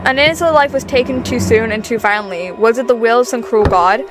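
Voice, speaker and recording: A woman's voice: on the high side, quick pace, over music. A woman streamer chatting casually and reading game narration, giggly and rambling.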